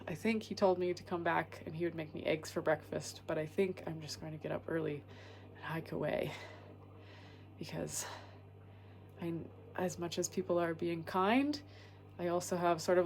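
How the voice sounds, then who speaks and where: Woman, young adult, low-pitched, hesitant, lots of fillers, candid vlog. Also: fairly even intonation, moderate pace, vocal fry. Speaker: solo hiker vlogger. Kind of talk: candid vlog talk to camera. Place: indoors, small locked woodshed at night.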